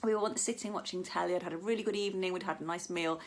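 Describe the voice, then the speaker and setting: A woman's voice: on the low side, fairly even intonation, very fast. A woman performing a stand-up comedy set, telling chatty stories and acting out the voices of people she quotes.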